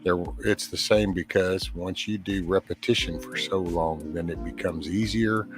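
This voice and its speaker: A man's voice: low-pitched, steady tone, moderate pace, music in the background. A man hosting a casual chat, rambling loosely and reading out viewer comments.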